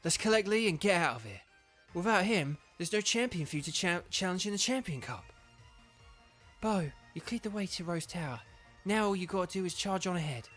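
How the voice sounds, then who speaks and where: A man voicing an eager, upbeat teenage boy from a video game, reading the dialogue in an excited, bouncy voice raised well above his own. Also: sits high, fairly quick, faint music behind, pitched above the performer's own voice.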